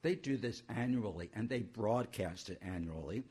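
A man's voice: on the low side, lively intonation, moderate pace, a little mellow, breathy edge. A male pastor introducing a church service in a conversational way, with homely asides.

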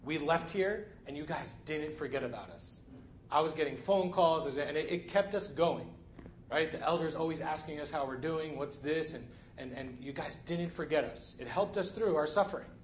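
At normal speed and in a slightly high voice, a man delivers a conversational sermon, regularly peppering it with "right?" and "you know" to check in with the congregation. The recording has its highs cut off and a little hiss or hum.

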